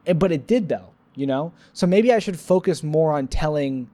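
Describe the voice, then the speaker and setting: A man's voice: a little high, expressive, normal speed, dark tone. A man rambling sleepily to the camera in a solo vlog, goofy and self-mocking, playing with silly wordplay. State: sleepy, yawning. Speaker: vlogger.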